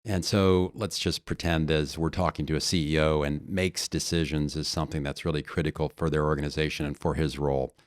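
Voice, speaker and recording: A man's voice: very deep voice, fairly even intonation, brisk, few pauses, no room sound, studio quality. A man coaching on leadership in a podcast conversation, earnest and explaining through stories and analogies.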